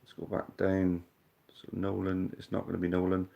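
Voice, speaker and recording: Casual male quiz host, deep voice, mutters and swears as he thinks, chummy with players. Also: completely flat delivery, moderate pace, creaky, lo-fi sound. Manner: thinks aloud, swears casually, calls people mate. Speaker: live-stream quiz host. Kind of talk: casual live-stream chat.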